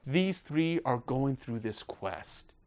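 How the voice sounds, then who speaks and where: A man hosting a casual film review video, talking in a gushing, excited way. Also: mid-range voice, takes it slowly.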